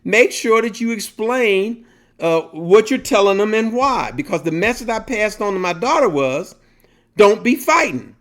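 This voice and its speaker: A middle-aged man co-hosting a casual talk show, an animated storyteller who laughs often. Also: sits high, moderate pace. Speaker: podcast co-host. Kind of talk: casual chat.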